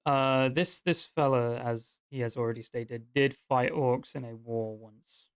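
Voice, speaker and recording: A man narrating a tabletop game as game master in a relaxed, rambling way, sprinkled with fillers. His voice is smooth and clean, recorded dry and close. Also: medium pitch, unhurried, no room sound.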